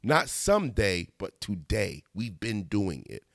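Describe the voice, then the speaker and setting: Man, conversational monologue host, lively pitch, dry booth-like sound. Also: unhurried, vocal fry, no echo. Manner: animated, conversational, laughs at himself, slangy asides. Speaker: video essayist. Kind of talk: casual monologue.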